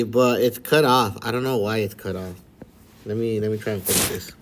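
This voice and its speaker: A man teaching a math lesson in a relaxed, chatty way, often checking in with his students. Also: on the low side, normal speed, slight background noise. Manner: relaxed and chatty, checks in with frequent "all right?" and "okay?". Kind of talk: casual recorded lesson for students.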